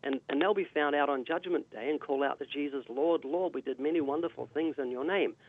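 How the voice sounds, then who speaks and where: A man's voice: fairly high pitch, a little fast, no echo. Preaching New Zealand man on a phone line. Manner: emphatic, sermon-like delivery. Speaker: guest evangelist. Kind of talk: preaching on a radio call-in show. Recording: tinny dry phone line.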